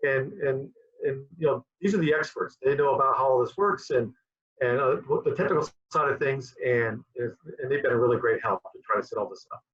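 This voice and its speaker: Medium in pitch, brisk, fairly bright and slightly rough, the guest's voice carries through a dull lo-fi recording. A QA director, he rambles through the conversational interview and repeats his words frequently.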